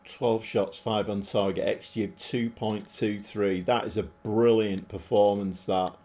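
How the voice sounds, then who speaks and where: A middle-aged man commentating live on his football management game, animated and often shouting at his players. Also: lowish voice, a little slow. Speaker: game streamer.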